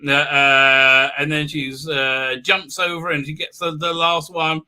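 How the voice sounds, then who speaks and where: A man's voice: a little high, level tone, unhurried, bright, forceful tone. A man hosting a live stream, recapping a TV episode with mocking humor, acting out scenes with silly voices and sound effects, with many hesitant fillers.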